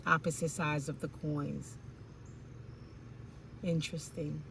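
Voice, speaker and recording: A woman's voice: deep voice, level tone, slow, vocal fry, fairly bright tone, slight background noise. A woman giving an intuitive tarot reading, musing aloud in informal slang with rambling asides and fillers. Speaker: tarot reader.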